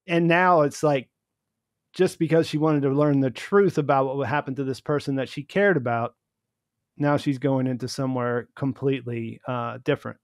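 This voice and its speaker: A man's voice: mid-range voice, fairly even intonation, moderate pace, dry recording, studio quality. A man hosting a casual discussion, rambling, with many restarts and fillers. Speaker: host.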